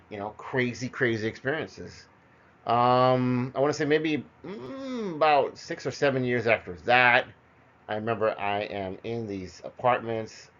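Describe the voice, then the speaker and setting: His voice runs on the low side, a bit bright, as this middle-aged storyteller rambles loosely through personal anecdotes. Fillers crop up constantly, and the recording comes across as dull lo-fi.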